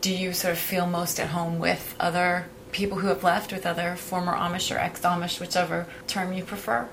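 Calm woman asking interview questions. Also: lowish voice, fairly quick, gravelly, a little hiss or hum, rough recording. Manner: calm, attentive, brief prompts.

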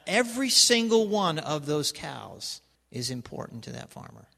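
A male pastor preaching a sermon in a church, animated and constantly prompting the congregation with questions and "okay?". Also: fairly high pitch, normal speed, gravelly. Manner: animated, calls for congregation response, repeats "okay?". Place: church sanctuary. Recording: reverberant church hall.

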